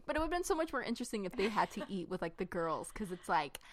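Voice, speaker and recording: A woman's voice: medium pitch, very animated, fast talker, a crowd in the background. A young woman co-hosting a casual book chat, playful and fond of acting out characters. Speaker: podcast co-host.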